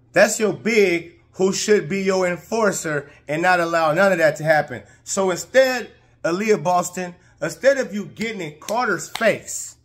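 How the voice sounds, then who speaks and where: A man giving heated, indignant commentary while reacting to basketball footage, talking casually with slang and climbing loud and high when outraged. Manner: casual slangy speech, talks over game footage. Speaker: sports commentator.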